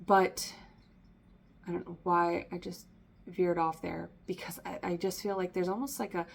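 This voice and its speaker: A woman's voice: fairly low pitch, flat delivery, moderate pace, gravelly, breathy edge. A woman giving a casual spoken tarot reading, rambling with frequent ums and likes and breaking off to restart her thoughts. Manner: self-interrupting, slips and restarts. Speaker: tarot reader.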